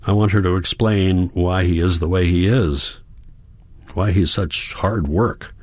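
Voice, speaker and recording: A man calmly narrating a first-person audiobook in a measured way. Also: low voice, no echo.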